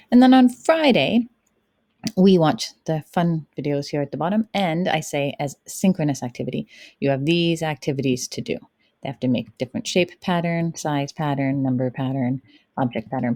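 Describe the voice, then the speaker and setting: A woman's voice: low voice, mellow, no echo. A woman kindergarten teacher talking through a tutorial on how she runs her online lessons, chatty and explaining step by step with light fillers. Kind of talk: tutorial walkthrough.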